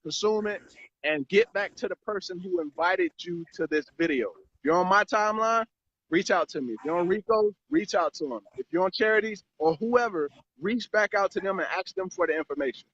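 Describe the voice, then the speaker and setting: A man's voice: high voice, a little fast, fairly bright tone. A man hosting a casual live stream chat about marketing, rambling and repeating words. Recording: dry, slightly muffled live stream audio.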